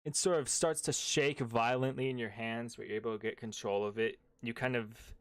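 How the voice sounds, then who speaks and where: A man in his thirties narrating as game master with a relaxed, wry manner. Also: mid-range voice, moderate pace, no echo, clean studio sound.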